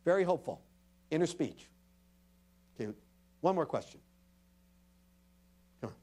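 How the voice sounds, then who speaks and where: A man delivering a public talk with a lively, swooping delivery. He speaks a little higher than most men. He acts out other people's lines as he tells his story. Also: measured pace. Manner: animated storyteller who acts out dialogue; addresses the audience directly. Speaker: invited speaker. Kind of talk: public lecture.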